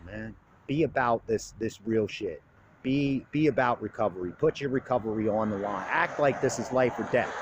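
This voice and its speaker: A man's voice: on the low side, slight background noise. A young man in recovery giving an earnest, plain-spoken personal monologue in blunt, casual street talk, open about his feelings. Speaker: recovery speaker.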